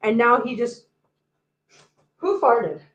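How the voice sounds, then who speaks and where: A woman's voice: fairly high pitch, sing-song, takes it slowly, a bit bright, roomy sound, highs cut off, slight background noise. A woman hosting a casual livestream from home, chatting and joking while she talks to her cats. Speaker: host.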